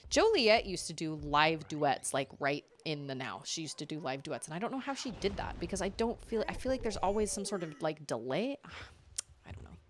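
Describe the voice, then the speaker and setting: This gamer has a low voice with lively intonation and talks at a normal speed, with a little hiss or hum on the recording. She gives relaxed let's-play commentary over faint game music, exclaiming and laughing often.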